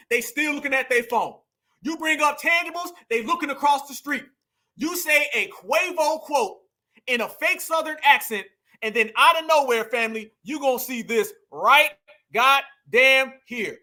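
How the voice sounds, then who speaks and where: A man's voice: very high voice, sharp tone. A man giving emphatic reaction commentary on video clips, repeating himself and calling his viewers family. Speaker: political commentator.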